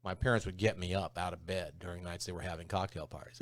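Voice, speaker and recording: A man's voice: low voice, fast, hardly any pauses, no echo, clean studio sound. A man in his sixties co-hosting a talk show, telling jokey stories in casual chat. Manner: animated, jokey storyteller who slips into impressions.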